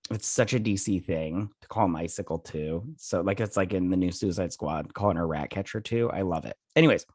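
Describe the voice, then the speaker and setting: A man hosting a casual TV episode review, retelling scenes in a rambling, animated way with quick quoted character bits, recorded in a dry space. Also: deep voice, husky, dry recording. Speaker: show host reviewing a TV episode.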